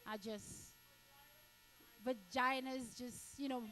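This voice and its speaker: A woman from Cameroon doing stand-up crowd work, blunt and crude, repeating herself and breaking into shouts. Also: fairly high pitch, fairly even intonation, slow. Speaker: stand-up comedian.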